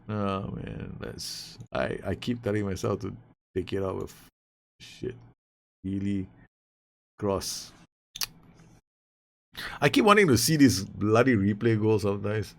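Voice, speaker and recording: Low gravelly guy yelling at his football sim team, nervy, swears a lot. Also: unhurried, long pauses. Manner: excitable, swearing, talks to his players. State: nervous. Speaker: gaming YouTuber. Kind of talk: live gameplay commentary.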